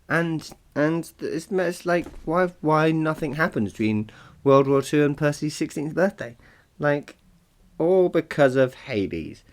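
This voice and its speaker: Podcaster homem, fala devagar, divagando, tom um pouco agudo, ri de si mesmo. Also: male voice, a little high, animated, slow pace. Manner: chatty, rambling, laughs often, self-deprecating. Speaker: podcast host. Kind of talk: casual solo podcast chat.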